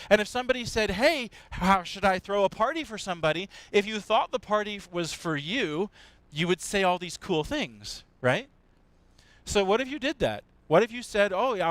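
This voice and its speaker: A high-voiced man tells a story to children at church, lively and full of questions for them. The sound is dry and close, with little room echo. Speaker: pastor. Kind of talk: children's sermon.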